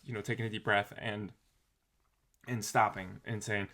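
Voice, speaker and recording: A man talking casually to camera in a motivational vlog, reflective and rambling, with restarts and soft trailing phrases. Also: lowish voice, fairly even intonation, normal speed. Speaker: motivational vlogger.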